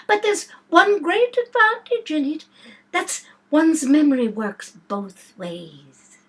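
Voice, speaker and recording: A woman reading aloud and voicing a fussy, scatterbrained old queen who rambles and shrieks in a high, squeaky wail. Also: very animated, slow pace, fairly bright tone, full character voice. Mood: airy, rambling. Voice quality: high, wailing, squeaky when upset.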